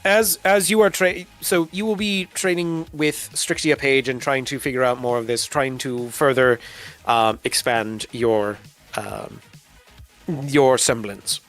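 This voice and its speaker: A man narrating as game master of a tabletop game, describing characters with frequent ums and pauses. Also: medium pitch, steady tone, fairly bright tone, soft background music. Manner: halting, filler-heavy description.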